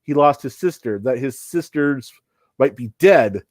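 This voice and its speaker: A man's voice: mid-range voice, expressive, unhurried, a little mellow, no echo. A man hosting a casual show review chat, blunt and profane, retelling scenes as he goes. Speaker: podcast host.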